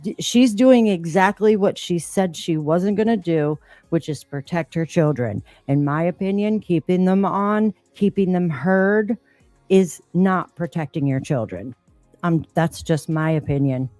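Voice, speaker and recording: A woman's voice: on the low side, expressive, a little slow, dark tone, no echo, soft background music. A woman co-hosting a casual live stream, talking bluntly and swearing freely. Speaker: co-host.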